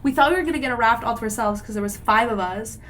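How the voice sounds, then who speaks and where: A woman's voice: a little high, very fast, a bit bright, slight background noise. A young woman co-hosting a podcast, telling a long casual story with lots of "like" and fillers. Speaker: podcast co-host. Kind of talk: casual chat.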